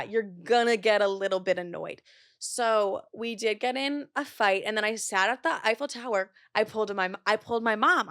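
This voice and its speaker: A woman's voice: medium pitch, fairly bright tone, dry recording, clean studio sound. A young woman hosting a podcast in casual chat, swearing freely and filling her talk with "like". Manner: chatty, swears a lot, says "like" often. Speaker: podcast host.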